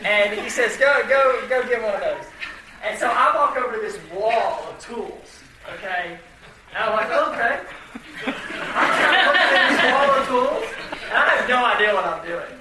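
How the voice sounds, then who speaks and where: Man, high-pitched, self-deprecating storyteller, echoey room with faint noise. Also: normal speed, far from the mic. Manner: self-deprecating, chatty, lots of fillers and restarts. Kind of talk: humorous personal story told to an audience.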